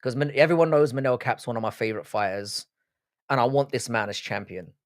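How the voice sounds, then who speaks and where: A man's voice: mid-range voice, a little fast, no echo. Sweary English-accented man, dry sound. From Ireland, raised in Britain. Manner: blunt, sweary, opinionated. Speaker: livestream host. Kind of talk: casual livestream chat reading comments.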